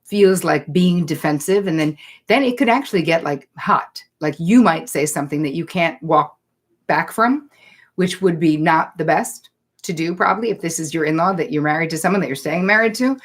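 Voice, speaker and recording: A woman psychotherapist hosts a live online Q&A, reading out viewer comments and answering them. She talks in a chatty, animated, direct way. Her voice sits a little on the low side. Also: moderate pace. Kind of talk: live-streamed Q&A, casual and direct.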